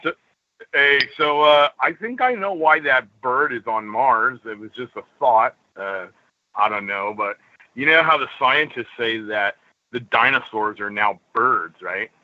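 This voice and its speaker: A male caller with a very bright, sharp tone and a pitch that leaps around as he jokes. He rambles and giggles between thoughts. The line is muffled and dry. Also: expressive, a little slow. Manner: joking, giggly, meandering. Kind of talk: casual call-in chat. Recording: lo-fi dry phone-in audio.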